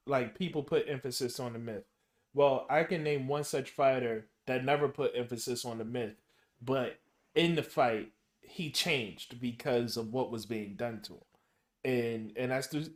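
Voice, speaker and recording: A man hosting a podcast in casual chat, halting and restarting as he builds his questions. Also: medium pitch. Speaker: podcast host.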